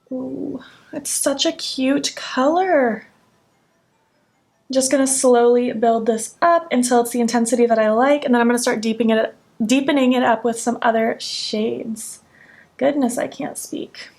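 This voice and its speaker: A woman in her twenties talks to her camera while doing her makeup at home. Her voice sits a little high, and she gushes with excitement over every shade in a casual, effusive vlog manner. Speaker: beauty vlogger. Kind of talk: makeup tutorial chat.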